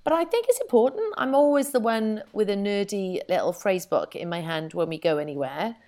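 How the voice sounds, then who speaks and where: A woman's voice: medium pitch, lively intonation, a little fast, darkish tone. A middle-aged woman, a podcast co-host chatting animatedly and laughing often. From Wales. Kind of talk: casual chat.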